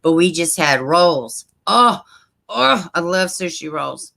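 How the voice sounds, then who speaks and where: A woman hosting a casual livestream, chatting straight to her viewers and reading their comments aloud, with soft asides under her breath. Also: on the low side, lively intonation, slow, gravelly. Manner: frequent soft asides while fiddling with links. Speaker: livestream host.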